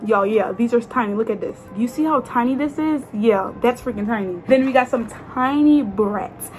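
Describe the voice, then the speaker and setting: Excitable young woman vlogger, high voice. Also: moderate pace, faint music behind. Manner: expressive, exclamatory, slangy. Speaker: beauty vlogger. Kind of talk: casual chat to camera.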